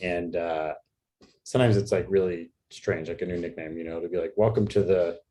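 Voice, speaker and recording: A man from New York doing a rambling stand-up set over a video call, halting with many fillers and restarts. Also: low-pitched, flat delivery, dark tone. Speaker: stand-up comedian.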